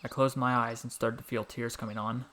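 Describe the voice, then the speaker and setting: Calm, soft-spoken male storyteller. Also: medium pitch, a little fast. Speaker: narrator. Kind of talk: scripted story narration.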